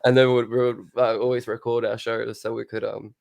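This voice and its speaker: A man in a casual interview, talking in a dry, low-key, near-monotone way. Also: fairly quick, vocal fry. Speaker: guest, show co-host and musician.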